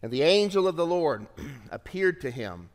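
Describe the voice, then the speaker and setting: A man preaching a sermon as pastor, reading scripture aloud with lively shifts of pace and emphasis. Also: a little high, moderate pace, long reverb tail.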